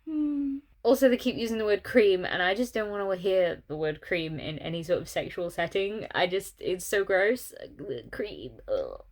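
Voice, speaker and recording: A woman's voice: medium pitch, moderate pace, hardly any pauses. A tired young woman in a casual book vlog, giving exasperated, sarcastic commentary. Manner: exasperated, sarcastic commentary with mocking quoted voices. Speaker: book vlogger.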